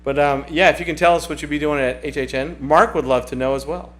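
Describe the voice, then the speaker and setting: A man's voice: fairly high pitch, steady tone, fast talker, a bit bright. A man hosting a casual livestream, chatting and reading viewer comments aloud in a rambling way that often repeats itself. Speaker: livestream host.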